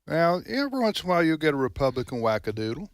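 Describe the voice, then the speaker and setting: A man's voice: fairly high pitch, very animated, rapid-fire, no echo, studio quality. Folksy male radio talk host. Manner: folksy, rambling, with restarts. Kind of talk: casual political talk radio chat.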